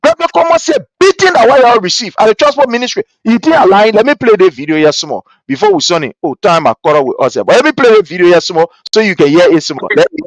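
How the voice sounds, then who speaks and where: A man with a Liberian English accent hosting a political commentary show, talking in an animated, repetitive way and mimicking the people he quotes. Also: sits high, quick pace, few pauses, no room sound.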